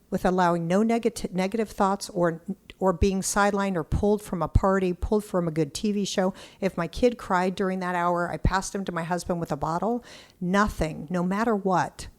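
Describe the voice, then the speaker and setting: Middle-aged woman guest, lower-pitched, excitable and blunt, tells stories. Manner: excitable, animated storyteller who acts out quotes; blunt, occasional cursing. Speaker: podcast guest. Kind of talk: casual interview storytelling.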